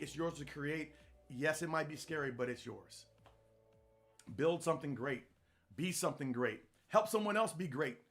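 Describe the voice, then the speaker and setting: A man's voice: a little high, fairly bright tone. Earnest motivational man with light music. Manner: earnest, repetitive, preacher-like. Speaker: podcast host. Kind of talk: motivational monologue.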